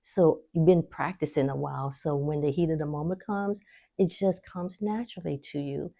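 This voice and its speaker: A woman's voice: moderate pace, gravelly. A woman hosting a faith-based wellness talk, speaking straight to her viewers in an encouraging, teaching way and laughing easily. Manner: warm encouraging teaching, lively pitch swings, laughs easily. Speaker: host.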